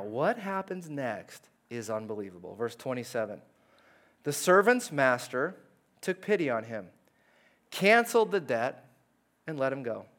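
A man preaching a sermon in a conversational way, reading verses and acting out the characters' lines in lively voices. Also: on the high side. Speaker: pastor.

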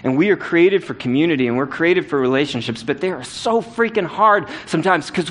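A man's voice: on the high side, animated, brisk, fairly bright tone. Earnest man preaching a sermon. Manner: earnest storytelling, rising to emphatic repeated exhortation. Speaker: pastor.

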